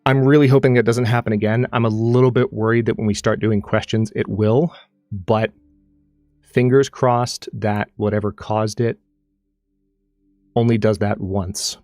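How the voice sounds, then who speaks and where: Animated low-voiced male streamer. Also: moderate pace, dry recording, clean studio sound, soft background music. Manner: animated, rambling with restarts. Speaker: streamer and channel host. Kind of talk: casual live-stream chat.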